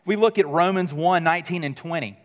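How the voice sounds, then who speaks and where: Male pastor, earnest conversational sermon delivery, slightly raised pitch, reverberant hall sound. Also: brisk. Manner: earnest, conversational preaching with sudden drops to quiet emphasis.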